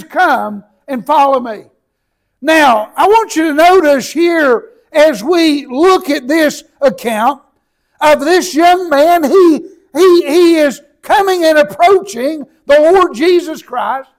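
In an extremely high-pitched voice on a rough recording, a preacher reads scripture aloud at a slow pace. He bursts into shouts to stress his points and repeats words often, with plenty of filler sounds.

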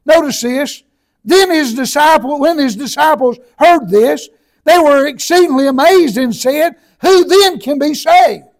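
A man preaching a sermon, reading scripture aloud slowly and breaking into shouts for emphasis, with many repeated words and filler sounds. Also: very high-pitched, poor audio.

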